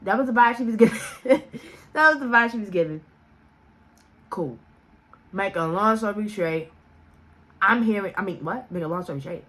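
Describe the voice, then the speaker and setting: A woman telling a casual story as a vlogger, animated and profane, laughing often and acting out the voices she quotes. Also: fairly quick. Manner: acts out quoted voices with big pitch jumps.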